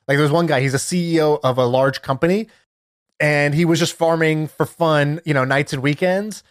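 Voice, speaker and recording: A man chatting on a podcast with a somewhat high-pitched voice, telling a story with lots of fillers and energy. The sound is dry and close to the mic. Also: a little fast, no echo. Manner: animated storyteller, many fillers, laughs while telling. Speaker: podcast co-host. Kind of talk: casual chat.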